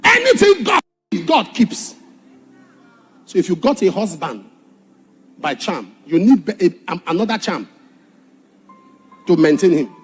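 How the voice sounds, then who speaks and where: A man preaching a sermon and telling a personal testimony, dramatic, shouting some points and dropping low on others. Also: animated, unhurried, pauses often, soft background music. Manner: dramatic, shouts for emphasis then drops low. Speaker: pastor.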